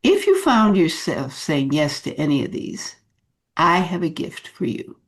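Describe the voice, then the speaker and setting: Woman, leadership coach, slow and animated delivery, some filler words. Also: low voice. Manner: unhurried, animated, many fillers. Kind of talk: coaching talk to camera.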